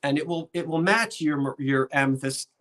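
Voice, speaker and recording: Chatty South Jersey man, higher voice. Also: moderate pace, fairly bright tone. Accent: Delaware Valley (South Jersey/Philadelphia). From South Jersey, USA. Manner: chatty, joking, rambling salesman patter. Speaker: live sale host. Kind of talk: live online sale chat.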